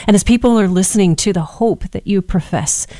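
A woman's voice: medium pitch, brisk, warm tone, dry recording, studio quality. A woman host responding with emotion to a guest's testimony and quoting scripture in an affirming way. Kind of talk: faith talk show conversation.

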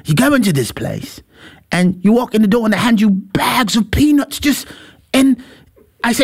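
High-voiced emphatic male commentary host. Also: lively intonation, moderate pace, slightly rough. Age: middle-aged. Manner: emphatic, jokey, repeats words for stress. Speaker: show host. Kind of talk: opinionated commentary.

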